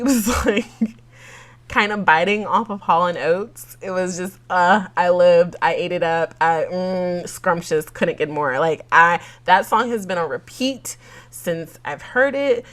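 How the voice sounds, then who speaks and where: A woman's voice: fairly low pitch, a bit bright. A woman hosting a podcast, talking in a chatty, giggly and emotional way, with frequent laughs and fillers. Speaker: podcast host. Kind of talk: casual solo podcast monologue.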